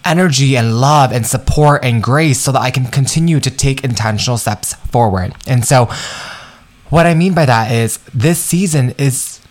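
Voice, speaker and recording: A man's voice: medium pitch, normal speed. A man hosting his own podcast, giving the listener a candid, profane pep talk and calling them "girl" and "my love.". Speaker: podcast host. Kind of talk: motivational solo podcast talk.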